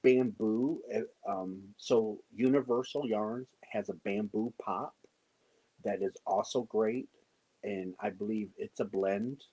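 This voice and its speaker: A middle-aged man hosts a casual livestream from his home late at night. His low-pitched voice is husky and mellow, kept soft and close to the microphone. He talks with viewers in a relaxed, everyday way. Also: slow, rough recording. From United States. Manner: talking softly to keep the house quiet, greeting viewers. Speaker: livestream host. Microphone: microphone worn.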